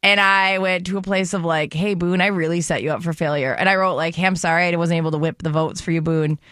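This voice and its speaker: Bright-voiced woman telling a story on radio. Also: fairly low pitch, quick pace, dry recording, studio quality. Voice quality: animated, acts out voices in her stories. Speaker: radio show co-host. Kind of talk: casual storytelling chat. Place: radio studio.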